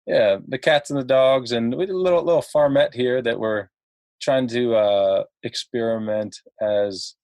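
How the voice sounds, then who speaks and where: A middle-aged man from Ohio, a podcast guest telling stories in a halting, chatty way with many fillers and laughs. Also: medium pitch, darkish tone, no echo. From Ohio, USA. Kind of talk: casual podcast chat.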